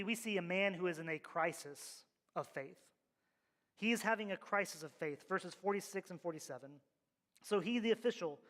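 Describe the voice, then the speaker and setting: A man's voice: high-pitched, a bit bright. A male pastor preaching a sermon, with emphatic, rhythmic repeated refrains, in a church sanctuary. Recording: long reverb of a large hall.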